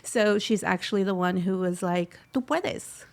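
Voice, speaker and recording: Heartfelt middle-aged woman, gravelly edge. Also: on the low side, flat delivery, normal speed. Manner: heartfelt, drops Spanish phrases into English. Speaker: scholarship recipient guest. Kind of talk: personal story in an interview.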